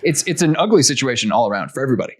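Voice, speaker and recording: A man's voice: mid-range voice, sing-song, very fast. A man co-hosting a casual marketing talk show, conversational and repeating words as he thinks aloud. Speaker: podcast co-host. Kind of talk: casual chat.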